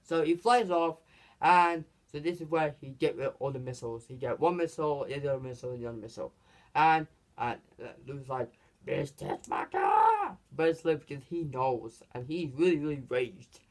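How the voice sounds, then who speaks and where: A man's voice: fairly high pitch, brisk. Rambling man recapping a film. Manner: rambling, lots of restarts and "basically". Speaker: movie reviewer. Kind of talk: casual movie recap.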